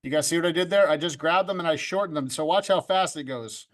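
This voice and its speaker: A man's voice: on the high side, fast. A man teaching a video-editing class over a video call, upbeat and joking, talking to students by name. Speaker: video club instructor. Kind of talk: online class instruction. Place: home room with green screen.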